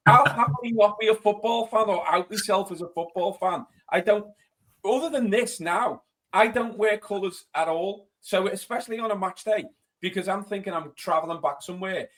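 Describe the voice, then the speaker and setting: High-voiced self-mocking man. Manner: self-deprecating, animated storytelling. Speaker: podcast panelist. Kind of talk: casual chat.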